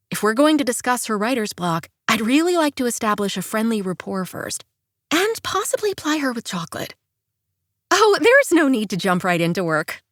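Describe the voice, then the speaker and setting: A woman narrates a first-person romance audiobook in a chirpy, expressive way, lifting into bright sing-song dialogue. Her pitch moves a lot and stays mid-range. The recording is dry and close. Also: no room sound.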